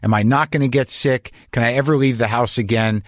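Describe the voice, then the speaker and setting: A middle-aged man hosts his podcast from a home studio and spins anxious, rambling tangents with profane, deadpan humor. His voice sits at a middle pitch, and the dry, close sound carries no room echo. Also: fairly quick. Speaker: podcast host. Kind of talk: comic monologue and interview.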